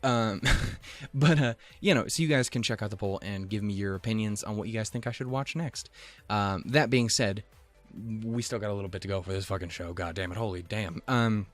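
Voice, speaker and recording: A man's voice: on the low side, brisk, soft background music. Rambling, swearing male anime host. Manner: rambling, swears often, laughs at himself. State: out of breath. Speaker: anime reaction channel host. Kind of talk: casual chat.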